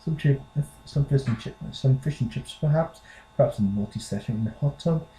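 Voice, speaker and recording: American guy faking a posh british gent, exaggerated accent, stiff and jaunty, mellow tone, echoey room. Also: medium pitch, normal speed, a little hiss or hum, close to an everyday voice. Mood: mock posh. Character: mock posh British gentleman, chummy and cheeky.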